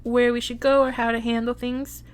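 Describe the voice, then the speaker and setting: A woman's voice: on the high side, flat delivery, moderate pace. A woman from Arizona co-hosting a casual movie podcast, chatting in a rambling way with lots of fillers. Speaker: podcast co-host. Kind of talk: casual chat.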